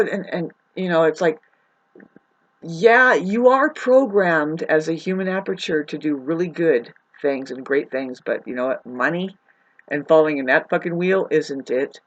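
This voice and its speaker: A woman, talking alone in a rambling, profane spiritual monologue that swings between loud ranting and low muttering. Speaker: astrology vlogger.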